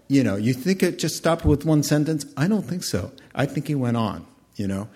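Male pastor, sermon; husky, mid-pitched, animated storyteller. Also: normal speed, few pauses. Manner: animated storytelling preacher, acting out scenes.

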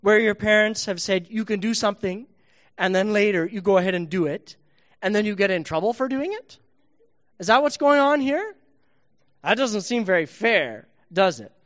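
A man, a pastor, telling a Bible story to children in a church service, playful and animated. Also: high-pitched, normal speed.

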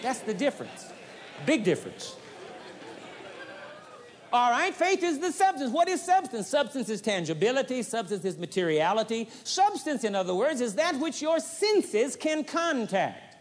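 A man's voice: very high voice, sing-song, moderate pace, a faint crowd. A man preaching a sermon with emphasis, driving points home by repeating short phrases. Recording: long hall reverb, 1980s audio tape.

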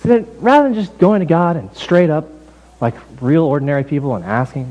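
A man delivers a sermon from the pulpit, talking to his congregation as if in conversation. His voice sits a little higher than most men's, and he slips easily into storytelling with quick asides. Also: animated, warm tone, lo-fi sound. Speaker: pastor. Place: church building.

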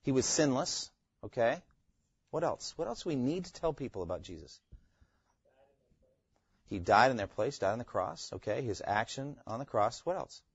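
A man's voice: medium pitch, animated, normal speed, creaky, long pauses, breathy edge, no echo, dull audio. A man teaching a Bible class, quizzing his students and repeating key phrases.

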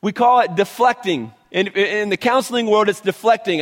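A male pastor preaching a sermon in an animated, conversational way, often restarting his phrases. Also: sits high, moderate pace, in a large hall.

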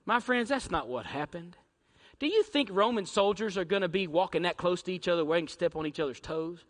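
A man preaching a sermon in a high, bright voice that rings through a church hall with a long reverb. He leans hard on rhetorical questions to the congregation and swings from shouts down to hushed near-whispers. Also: lively intonation, brisk. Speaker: pastor. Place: church sanctuary.

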